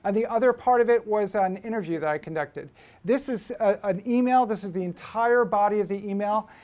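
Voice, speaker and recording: This photographer and book publisher has a high, darkish-toned voice and talks a bit quickly. Addressing students at a school, he shares anecdotes in a loose, conversational way, often restarting sentences and leaning on fillers.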